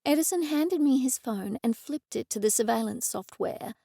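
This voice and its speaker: A woman reads an audiobook in the first person with a lively, expressive delivery. Her voice sits fairly high and has a gravelly texture. The studio mic is close and the sound is dry. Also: normal speed, no room sound. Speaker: audiobook narrator. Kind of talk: scripted narration.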